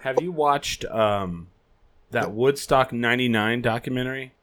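A man's voice: mid-range voice, measured pace, fairly bright tone. A man co-hosting a casual chat, jokey and blunt, swearing casually. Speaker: podcast co-host.

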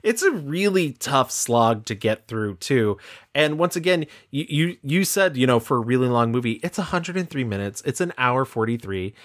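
A man's voice: medium pitch, expressive, moderate pace, a bit bright. A man co-hosting a film review podcast, talking in a dry, analytical way. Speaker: podcast co-host. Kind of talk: casual film review chat.

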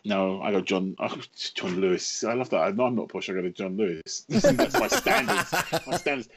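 Animated, laughing English man. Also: on the low side, moderate pace, a little hiss or hum. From England. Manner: animated, self-mocking, laughs often. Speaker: guest writer. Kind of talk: casual podcast interview.

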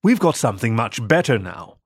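A man's voice: mid-range voice, big pitch swings, brisk, slightly rough, no echo, studio quality. A man doing a sneering young vicar. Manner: sneering, grumbling.

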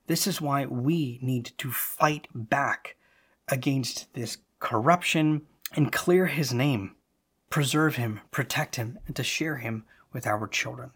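A man hosting a devotional podcast, speaking earnestly and leading prayers in a measured, exhortative way. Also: fairly high pitch, fairly bright tone. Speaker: podcast host.

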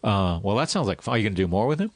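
A man's voice: lowish voice, sing-song, very fast, no room sound. A man hosting a casual podcast interview, asking easy questions and dropping dry jokes. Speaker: podcast host.

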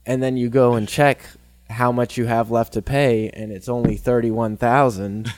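A man co-hosting a podcast in casual chat, laid back and near monotone, his voice going hoarse from a sinus infection. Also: mid-range voice, normal speed, no room sound. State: losing his voice, throat clogged. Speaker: podcast co-host.

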